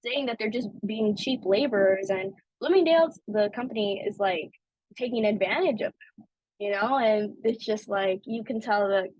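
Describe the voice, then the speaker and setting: A woman's voice: medium pitch, moderate pace, no room sound, lo-fi sound. A young adult woman hosting a podcast, talking through a film in a casual, chatty way with lots of "like" and "you know". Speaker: podcast host.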